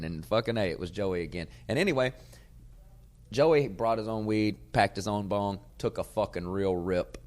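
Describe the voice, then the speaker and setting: A man, a comedian hosting his podcast, telling a casual, profane story and getting loud when he acts out old arguments. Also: low-pitched. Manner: profane, animated storyteller who gets loud acting out arguments.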